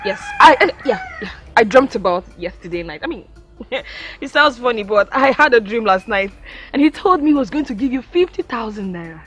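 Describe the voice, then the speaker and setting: A woman's voice: a little high, very animated, brisk, a bit bright, faint music behind. An actress with a Nigerian accent playing a teasing, playful mother figure. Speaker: actor.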